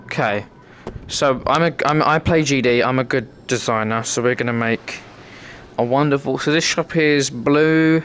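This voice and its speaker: A man's voice: mid-range voice, moderate pace, fairly bright tone, a little hiss or hum. A British man giving cheeky, sweary commentary while playing a VR game. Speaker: gamer content creator. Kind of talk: casual gameplay commentary.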